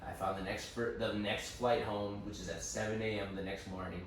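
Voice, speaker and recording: A young man, a podcast co-host, chatting casually and telling stories animatedly, swearing freely. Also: normal speed. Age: young adult. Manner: animated storyteller, swears freely, mimics family in high voices. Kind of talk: casual chat. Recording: echoey room, distant mic, faint noise.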